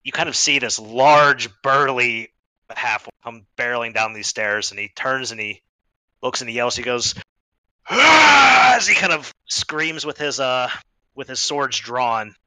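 A man acting as game master, narrating an online tabletop game in a lively way with quick restarts. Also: medium pitch, clear, resonant tone, no room sound, poor audio.

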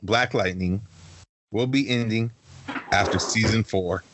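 A man's voice: on the low side, a little slow, heavy background noise. A young man co-hosting a casual podcast, earnestly explaining with lots of fillers. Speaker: podcast co-host. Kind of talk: casual chat.

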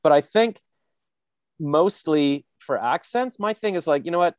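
A man's voice: on the high side, a little slow, no echo. A man in casual conversation, telling stories and now and then slipping into character voices. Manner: animated storyteller, slips into character voices. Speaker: voice actor. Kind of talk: casual chat.

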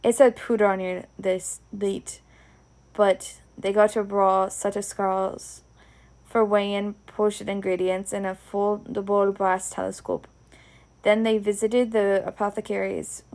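A Scottish woman reads a children's story aloud in broad dialect. Her voice is gravelly and her pace slow and deliberate, at a middling pitch. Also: darkish tone. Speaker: reader. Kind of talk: storybook reading.

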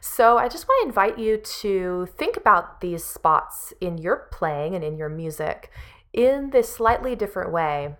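This woman's voice is medium-pitched, very animated, and unhurried. As a music teacher, she talks through a practice lesson to camera, encouraging and earnest, with frequent filler words.

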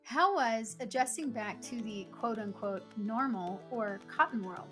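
A young woman co-hosting a podcast in casual chat, giggly and quick to laugh. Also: fairly high pitch, over music. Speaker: podcast co-host.

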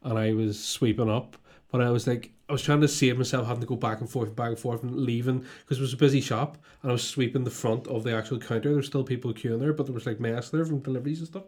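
A man's voice: mid-range voice, steady tone, fast, few pauses, darkish tone. A young man hosting a podcast in casual chat, telling rambling stories and swearing constantly. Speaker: podcast host.

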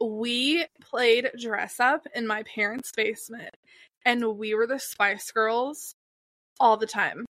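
A woman's voice: on the high side, steady tone, takes it slowly, a bit bright, no echo. A woman co-hosting a podcast in casual chat, sarcastic and chatty with lots of filler words. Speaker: podcast co-host. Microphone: podcast mic.

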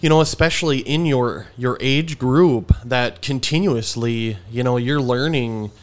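A podcast host chats with a guest in an easygoing, casual interview, laughing often and using lots of fillers. He speaks in a mid-range voice at a measured pace.

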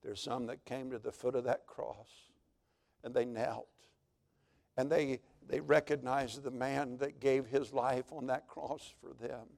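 A man's voice: medium pitch, steady tone, measured pace, creaky, darkish tone. A pastor voicing Father Time, an old gray-bearded man who tells a solemn story.

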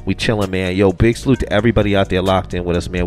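A man hosting a radio show in casual banter, relaxed and repetitive, sending shout-outs over a studio mic. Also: sits low, rapid-fire. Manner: laid-back, repeats phrases, sends shout-outs.

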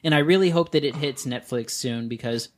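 A man co-hosting a movie podcast in casual chat, animated and laughing often as he pans a bad film. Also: medium pitch, brisk. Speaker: podcast co-host, film critic.

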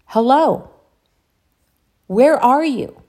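A high, searching female voice that seems to come through a crackling radio from far away, as a woman puts it on. It calls out again and again, hunting for someone who will answer. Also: animated, extremely slow, darkish tone, heavily acted. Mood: eager. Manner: calling out, searching. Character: eerie faraway female voice on a radio.

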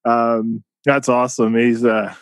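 Relaxed male podcast interviewer, dry sound. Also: mid-range voice, a little slow, clean tone, dry recording. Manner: relaxed, prompting questions. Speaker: podcast host. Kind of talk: casual interview.

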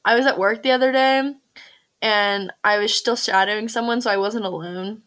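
A woman's voice: medium pitch, fairly even intonation, normal speed, a bit bright. A young adult woman co-hosting a podcast in casual chat, giggly and full of fillers. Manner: giggly, chatty, filler-heavy. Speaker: podcast co-host.

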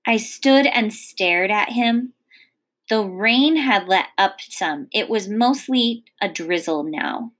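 A woman teacher reading a children's novel aloud in a measured, expressive storytelling manner. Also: mid-range voice.

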